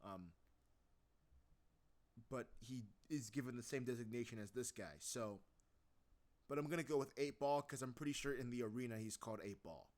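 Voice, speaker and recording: A man's voice: mid-range voice, moderate pace, pauses often, a little mellow. A man casually talking through his voice acting practice, rambling and self-deprecating as he laughs at himself. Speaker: voice acting hobbyist.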